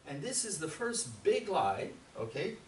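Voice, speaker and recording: A man's voice: on the high side, sing-song, a little slow, a little hiss or hum. A man giving a conference talk, emphatic and full of rhetorical questions to the audience, recorded on a distant camera in a hall. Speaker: conference speaker. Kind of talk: lecture to an audience. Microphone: far camera. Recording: distant camera mic in an echoey room.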